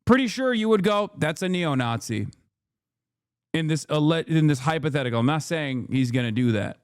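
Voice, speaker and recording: An American man in his thirties rants heatedly as a political streamer, swearing often and repeating his points. His voice sits high. The sound is dry and close. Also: quick pace, clear, resonant tone, no room sound. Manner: heated, profane, repetitive ranting. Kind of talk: ranting commentary.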